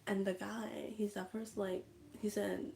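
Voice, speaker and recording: Woman streamer, casual chatty movie recap, mid-pitched, faint noise under the voice. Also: level tone, unhurried, gravelly, darkish tone. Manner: chatty, lots of "like" fillers.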